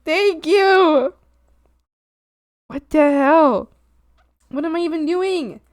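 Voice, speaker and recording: Giggly high-voiced woman streamer. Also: extremely slow. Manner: playful and giggly, teasing chat in mock scolding. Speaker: art streamer. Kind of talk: casual live-stream chat thanking viewers.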